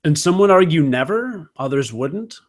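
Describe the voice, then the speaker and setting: A man chats casually as a podcast co-host. His voice sits a little high, and he rambles and mocks himself, trailing off into fillers. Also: animated, normal speed. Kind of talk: casual chat.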